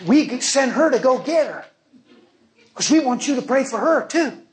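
A man's voice: very high-pitched, animated, normal speed, a little hiss or hum, pitched above the performer's own voice. A man voicing an eager man asking for prayer. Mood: earnest.

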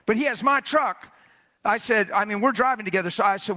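A man preaching a sermon, telling a story in an animated, jokey way and often exclaiming. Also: high voice, brisk.

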